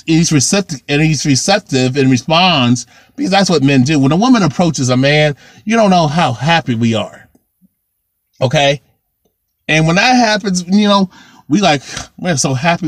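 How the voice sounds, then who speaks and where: A man's voice: a little high, dry recording, studio quality. A man vlogging a heated, ranting monologue to camera, repeating himself and restarting phrases. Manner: heated, repetitive, circles back and restarts.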